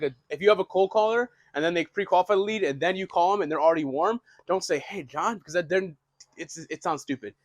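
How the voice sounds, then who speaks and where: A young man gives a casual wholesaling lesson at a quick clip, with a voice that sits a little high. He rambles, repeats himself and swears offhandedly. The recording is close and dry. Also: dry recording. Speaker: real estate wholesaling instructor. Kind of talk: casual teaching monologue. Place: small room, writing on a board.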